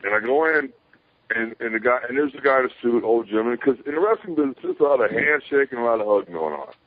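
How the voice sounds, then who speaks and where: Animated man on a tinny phone line. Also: medium pitch, fast talker, no echo. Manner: animated, swears casually, acts out quoted voices. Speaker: interview guest. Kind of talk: rambling storytelling.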